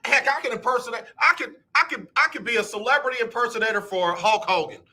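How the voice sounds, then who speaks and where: A man hosting a live radio talk show, animated and joking as he teases his listeners. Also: extremely high pitch, fast, slightly rough. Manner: animated, joking, playful teasing. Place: radio studio.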